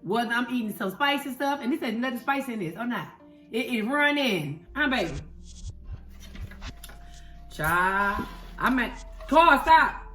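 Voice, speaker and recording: A woman's voice: a little high, animated, measured pace, long pauses, bright, forceful tone. A woman hosting her eating show, chatting animatedly to viewers and laughing often. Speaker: show host, wife. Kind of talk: casual chat on an eating show. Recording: echoey room, faint music.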